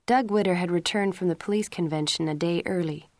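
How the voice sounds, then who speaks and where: Low-voiced woman reading an audiobook. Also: a little fast, no echo. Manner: steady, clear reading. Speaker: narrator. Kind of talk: scripted audiobook narration.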